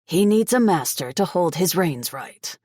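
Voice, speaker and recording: A woman voicing a cruel older male crime boss, gruff and contemptuous, in a low voice with a dry close sound. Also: lively intonation, measured pace, warm tone, no echo. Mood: menacing.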